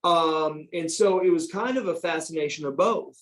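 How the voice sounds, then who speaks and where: A man in his fifties from the United States, a former pro wrestler telling stories as a guest in a podcast interview, animated and profane with many restarts. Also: on the high side, normal speed, rough recording. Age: 50s.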